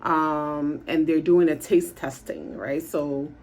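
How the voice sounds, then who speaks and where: Her voice sits low with a darkish tone and fairly even intonation as she chats through a TV episode recap from her office. A reviewer and therapist, she acts out characters' lines in quick voices, using a makeshift setup instead of her usual gear.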